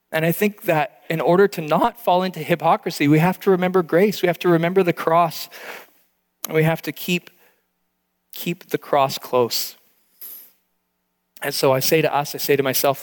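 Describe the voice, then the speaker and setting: A man's voice: on the high side, in a large hall. A male pastor preaching an earnest, heartfelt sermon, with frequent restarts.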